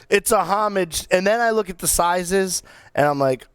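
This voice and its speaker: A man co-hosting a cigar podcast, talking in a casual, animated, rambling way with many restarts. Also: high voice, slow pace, pauses often, clear, resonant tone, no echo, studio quality. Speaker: podcast co-host reviewing cigars. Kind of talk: casual chat.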